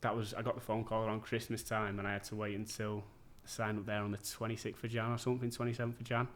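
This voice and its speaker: A man's voice: fairly low pitch, flat delivery, fast talker. A man, telling stories as a podcast guest in a laid-back, sweary way. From England. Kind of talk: casual chat.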